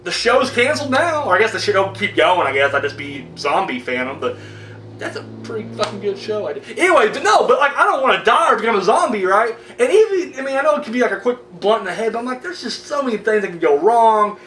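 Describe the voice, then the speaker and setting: Animated high-voiced man, echoey room. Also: recorded from a distance, slight background noise. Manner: animated, profane, jokey, breaks into quick acted quotes. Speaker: video blogger. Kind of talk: casual rant to camera.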